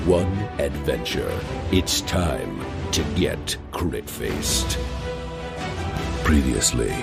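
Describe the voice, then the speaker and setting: A man giving a dramatic scripted show intro and recap in a slow, portentous way. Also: extremely low pitch, creaky. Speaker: show announcer.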